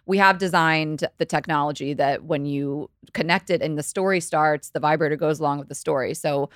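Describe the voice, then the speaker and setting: Low-voiced woman chatting animatedly. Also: no room sound, clean studio sound. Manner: animated, explains fast with many "like"s. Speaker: guest, company co-founder. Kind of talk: casual podcast chat.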